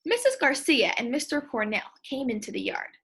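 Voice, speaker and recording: High, husky-voiced woman teacher. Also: moderate pace. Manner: expressive, demonstrative. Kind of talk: read-aloud reading lesson.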